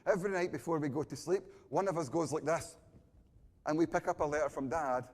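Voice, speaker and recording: A woman's voice: low-pitched, brisk, a little mellow. A Scottish man voicing his young daughter, earnest and cheerful, in a long-reverb hall.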